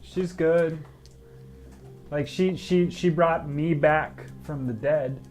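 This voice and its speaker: A player in a tabletop session talks eagerly, tripping over words as ideas come. The voice sits at a middle pitch, with music playing lightly behind. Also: slow, darkish tone. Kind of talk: casual tabletop game chat.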